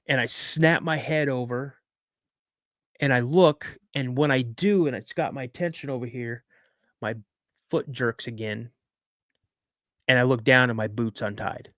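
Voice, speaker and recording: A man's voice: mid-range voice, measured pace, pauses often, fairly bright tone, no echo, clean studio sound. A man in his fifties, a podcast guest telling a personal story in a chatty way with many asides. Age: 50s. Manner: conversational, frequent "you know".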